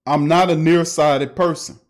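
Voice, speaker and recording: A high-pitched man hosting a loose sports talk show. He talks in an animated, emphatic way, hammering the same phrases again and again, and breaks into laughter between points. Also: unhurried. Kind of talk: casual sports talk livestream.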